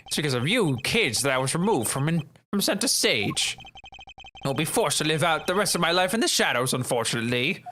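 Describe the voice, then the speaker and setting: A man voicing a scheming older male ambassador villain in a game, gloating and pompous with soft chuckles. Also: a little high, big pitch swings, moderate pace, a little hiss or hum. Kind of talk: fan voice acting of a game.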